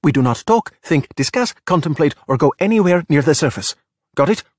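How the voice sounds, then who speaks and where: A man voicing an overprotective sea monster mother who scolds rapidly without pausing. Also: on the high side, animated, dry recording, clean studio sound, voice pushed up. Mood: stern.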